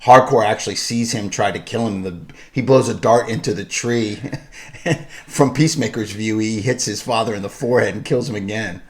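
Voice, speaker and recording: A man's voice: on the low side, normal speed. A man co-hosting a podcast, chatting casually and enthusiastically. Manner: enthusiastic, laughs readily. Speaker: podcast co-host. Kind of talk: casual chat.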